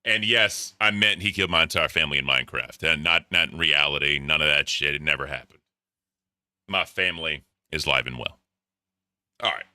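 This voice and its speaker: A man's voice: a bass voice, brisk, bright, forceful tone, dry recording, studio quality. A man co-hosting a casual commentary chat, talking bluntly with lots of swearing and repeats. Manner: blunt, profane, repetitive. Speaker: co-host.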